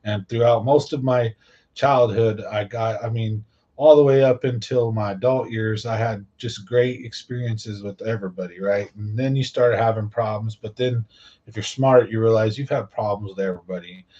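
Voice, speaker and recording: A man's voice: fairly low pitch, steady tone, normal speed, mellow, dull audio. A middle-aged man hosting a casual talk monologue, rambling with many fillers and tag questions. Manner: rambling, filler-heavy, repeats "right?". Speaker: host.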